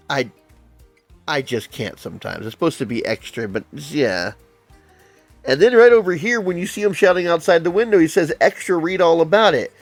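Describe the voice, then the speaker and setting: A man with a slightly high voice chatting wryly through an old comic book review. He reads panels aloud and then picks them apart. The close, dry recording has faint music underneath. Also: normal speed, long pauses, dry recording.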